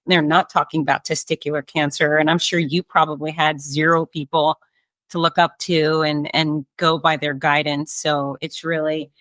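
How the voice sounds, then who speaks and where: A woman's voice: sits low, flat delivery, normal speed, dry recording. A woman hosting an interview, chatty and emphatic, sharing her own experiences. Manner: warm-hearted, emphatic, chatty. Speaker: host. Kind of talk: interview conversation.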